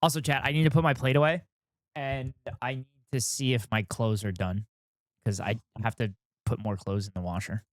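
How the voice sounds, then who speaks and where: A man's voice: mid-range voice, fairly even intonation, moderate pace, no room sound, clean studio sound. A man streaming live, reacting casually and profanely while chatting to his viewers.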